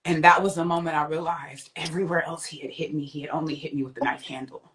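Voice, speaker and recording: Young woman telling her story, lowish voice, jumps way up when quoting people. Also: fairly even intonation, fast talker, a bit bright. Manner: vivid, acts out quoted voices with big pitch jumps. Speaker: guest sharing a testimony. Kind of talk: personal storytelling.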